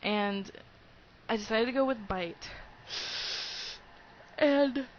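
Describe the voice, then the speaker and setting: A woman's voice: on the high side, takes it slowly, lo-fi sound, slight background noise. A young woman in her twenties narrating a video game playthrough in casual, rambling commentary, giggly and hyper. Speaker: let's play host.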